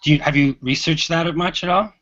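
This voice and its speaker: A man's voice: fairly high pitch, brisk, fairly bright tone, dull audio. A man in a casual online group discussion, arguing his points insistently. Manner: insistent, argumentative.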